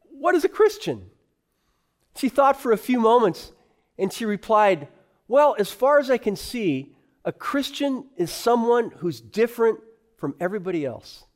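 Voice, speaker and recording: A man preaching a sermon earnestly, slowing down to stress key phrases. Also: sits high, very animated. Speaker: pastor.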